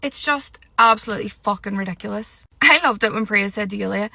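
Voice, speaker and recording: A young woman vents in a heated, sweary rant. Her voice is bright and forceful. The recording is dry and close, with no room sound. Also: mid-range voice, fast, creaky, few pauses, no room sound. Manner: heated, sweary, exasperated ranting. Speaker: reality TV commentator. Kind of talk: ranting vlog.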